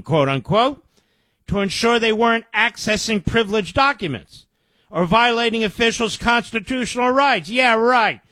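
Male talk host, high-pitched, sarcastic, indignant commentary, dry studio sound. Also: sharp tone, dry recording. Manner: indignant, sarcastic asides between quoted reports. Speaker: radio show host. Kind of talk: political commentary, reading news aloud.

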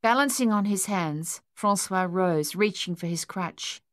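An audiobook narrator with a medium-pitched voice reads scripted narration in a measured, even storytelling delivery. The clean studio recording has no room sound.

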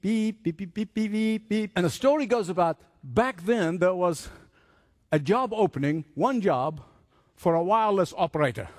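A man preaching a sermon, telling stories with lively acted-out voices. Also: sits high, dry recording, clean studio sound. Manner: animated storytelling, acts out voices.

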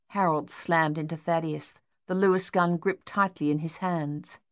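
A woman narrating an audiobook in a steady, measured storytelling voice. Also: low-pitched, no room sound, studio quality. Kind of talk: scripted narration.

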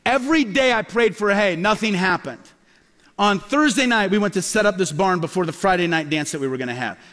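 A middle-aged male pastor preaching a sermon as a lively storyteller, acting out the voices he quotes. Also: high-pitched, fairly quick. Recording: long hall reverb.

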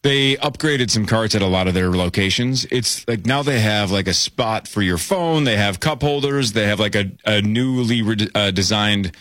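A man's voice: on the low side, moderate pace, hardly any pauses, fairly bright tone, no room sound. A man co-hosting a casual talk show, rambling enthusiastically about everyday details. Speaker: co-host. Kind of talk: casual chat.

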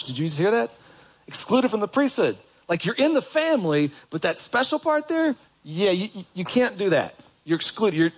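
A man delivers a sermon to his congregation in a relaxed, conversational way. His voice sits a little higher than most men's, and he keeps asking the room questions. He reads passages aloud between his own remarks. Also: low-quality recording. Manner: conversational preaching with rhetorical questions. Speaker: pastor. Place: church.

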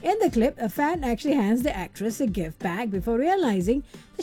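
A woman's voice: fairly high pitch, big pitch swings, fairly quick, warm tone, soft background music. A woman radio DJ chatting casually through an entertainment story, with rambling asides and a voice that is wearing thin. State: losing her voice. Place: radio studio.

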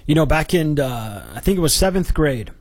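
A man speaks with a voice a little higher than most men's. He hosts a morning radio show and chats loosely with his colleague, often restarting his sentences and wandering off into anecdotes. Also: expressive, moderate pace, a little mellow. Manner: rambling, chatty, full of restarts. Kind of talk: radio news chat.

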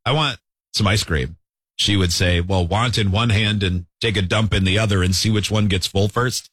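A man with a husky voice hosts a lively talk show, reading listener messages aloud with animated energy and frequent laughs. His voice sits mid-range and sounds close and dry, with no room echo. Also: on the low side, moderate pace. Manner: animated, reads out listener texts, laughs often. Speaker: radio show host. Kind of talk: casual chat.

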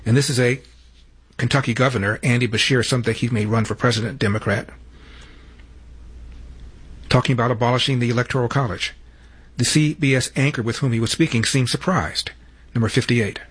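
Husky man giving sardonic commentary. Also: mid-range voice, steady tone, a little fast, long pauses, a bit bright. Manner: sardonic, rhetorical questions. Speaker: political commentator. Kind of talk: opinion commentary.

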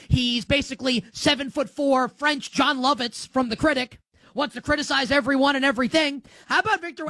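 A man's voice: very high-pitched, pushed and bright, no room sound. A man hosting a sports talk show, giving opinionated commentary in an emphatic, sarcastic way.

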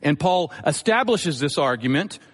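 Man, pastor, sermon, measured teaching, emphatic repetition, slightly high voice, long hall echo. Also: expressive.

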